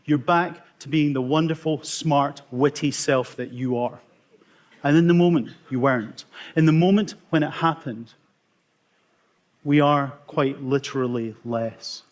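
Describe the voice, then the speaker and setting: Wry Scottish man telling stories. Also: on the high side. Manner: wry, self-mocking storyteller with dramatic pauses. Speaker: emergency consultant giving a talk. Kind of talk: storytelling conference talk.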